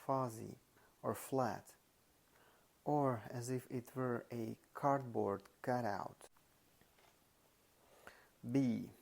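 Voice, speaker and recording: A man narrates a nonfiction audiobook at an unhurried, measured pace. His voice carries a gravelly, creaky edge, and he lands firmly on the words he wants to stress. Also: mid-range voice, a little mellow. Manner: slow, deliberate reading with stressed example words. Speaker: audiobook reader.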